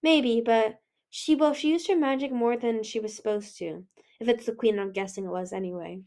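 Storybook role: quick-tempered young male ice dragon, sharp and loud, read by a woman. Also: on the high side, lightly acted. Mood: wary. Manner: sharp, raised, snapping.

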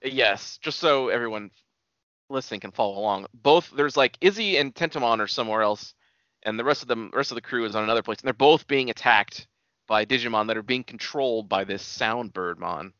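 Laid-back young man, bright voice. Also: mid-range voice, a little fast, no room sound. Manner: laid-back, explains the plot for listeners, calls his friend buddy. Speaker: podcast co-host. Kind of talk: casual chat recapping a cartoon. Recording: dull, slightly lo-fi dry sound.

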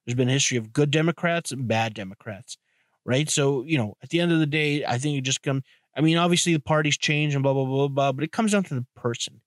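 A man's voice: medium pitch, quick pace, no room sound, clean studio sound. A young man hosting a solo podcast, talking loosely and bluntly with lots of restarts and crude asides. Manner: loose, rambling and profane, with many restarts and "you know". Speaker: podcast host. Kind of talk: casual solo podcast monologue.

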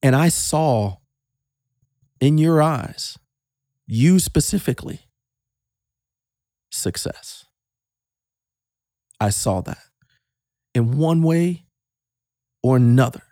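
Man in his fifties, proud father, choked up, halting and repetitive, dark tone, dry close sound. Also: medium pitch, animated, dry recording. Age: 50s. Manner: emotional, halting, repeats words. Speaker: guest, host's father. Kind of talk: casual podcast conversation.

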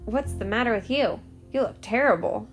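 A woman's voice: fairly high pitch, normal speed, soft background music, voice pushed up, natural voice. A woman reading aloud and voicing a blunt, cheeky schoolboy wizard.

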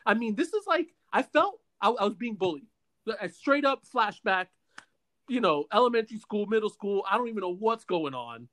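Speaking fairly quickly in a high pitch, a man hosting a podcast works through a lengthy story, his casual, animated delivery full of stumbles and do-overs.

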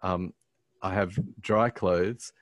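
On a podcast, a man with a low, steady voice casually shares a personal story about his faith, recorded dry. He speaks earnestly but haltingly, with lots of ums and restarts.

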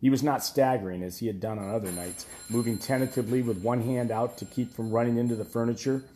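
A man narrating an audiobook in a measured storytelling voice that drops quiet at tense moments. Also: mid-range voice, steady tone, roomy sound, slight background noise. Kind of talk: scripted narration.

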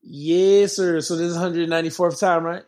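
A man's voice: fairly high pitch, steady tone, normal speed, darkish tone. A man co-hosting a podcast in casual, slangy, joking chat. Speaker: podcast co-host.

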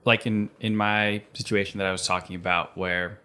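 Low-voiced guy cracking jokes on a group podcast, offhand and easygoing. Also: level tone, normal speed, sharp tone, smooth. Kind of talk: casual group chat.

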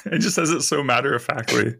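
A man with a husky, slightly breathy voice chats casually. He speaks at a middle pitch and drops wry, deadpan remarks. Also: fast talker. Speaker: podcast co-host. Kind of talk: casual chat.

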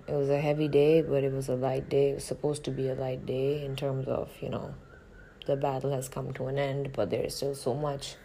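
A woman's voice: very deep voice, creaky, warm tone, a little hiss or hum. A woman, an actor telling a personal story in a frank, reflective and profane way. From northern India.

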